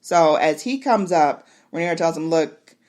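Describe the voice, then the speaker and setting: A woman with a fairly low voice recaps an episode for her podcast in casual chat. Her pitch swings widely as she gets worked up, and she laughs and exclaims at the story as she talks. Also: animated, normal speed, a little mellow. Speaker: podcast host.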